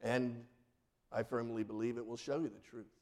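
A middle-aged male pastor giving a sermon, earnest, with dramatic drops into soft, quiet phrases. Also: mid-range voice, level tone, moderate pace.

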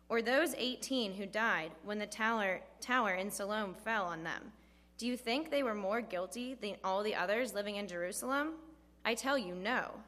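Woman, scripture reading, measured, steady, long hall reverb. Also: medium pitch. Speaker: scripture reader.

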